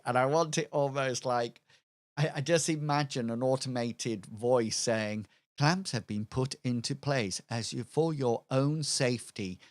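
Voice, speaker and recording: Slow, gravelly man thinking aloud. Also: mid-range voice, dry recording. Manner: hesitant, full of fillers and restarts while brainstorming. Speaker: streamer planning a tabletop campaign. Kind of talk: thinking-aloud worldbuilding livestream.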